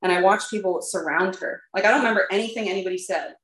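Woman speaker sharing her story, mid-pitched, conversational and self-mocking, in an echoey room. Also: fast talker, fairly bright tone. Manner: candid, chatty, lots of fillers; laughs at herself. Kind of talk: personal recovery testimony to a group. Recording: roomy echo.

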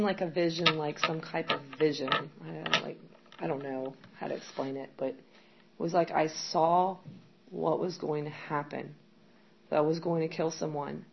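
A middle-aged woman gives candid personal testimony about her recovery, rambling with plenty of fillers. Her voice sits low with vocal fry, steady in tone and measured in pace, on a dull lo-fi recording with faint background noise.

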